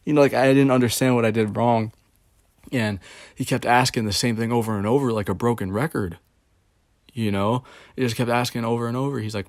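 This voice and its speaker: A man's voice: on the low side, fairly quick, no echo, clean studio sound. A man vlogging in a rambling, casual rant, swearing often and sounding confused and exasperated. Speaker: video blogger.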